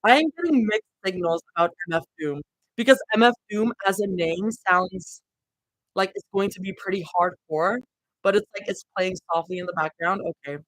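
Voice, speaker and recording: A woman's voice: medium pitch, normal speed. A woman cold-reading fanfiction live, breaking off into giggly, chatty asides. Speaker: fanfiction reader.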